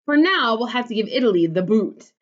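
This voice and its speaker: A woman's voice: fairly high pitch, sing-song, a little fast. A woman voicing a jolly, joking family father in a read-aloud storybook, hearty and playful. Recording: dull lo-fi recording.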